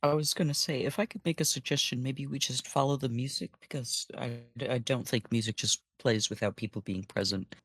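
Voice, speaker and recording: A man's voice: mid-range voice, fairly even intonation, fairly quick, hardly any pauses, a bit bright, husky, dry recording, studio quality. A man playing a tabletop game, polite and mock-formal.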